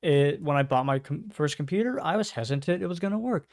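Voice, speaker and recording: A man's voice: a little high, lively intonation, fairly quick, no echo, studio quality. A man casually reacting to memes at his home microphone, swearing freely and chuckling often. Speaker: meme reaction host. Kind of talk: casual meme reaction commentary. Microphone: own desk microphone.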